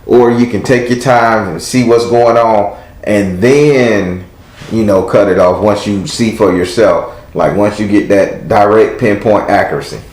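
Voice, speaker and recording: Man doing tarot readings live, deep-ish voice, preachy, lots of echo. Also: a little slow, darkish tone. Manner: blunt, preachy, emphatic. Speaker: tarot reader and host.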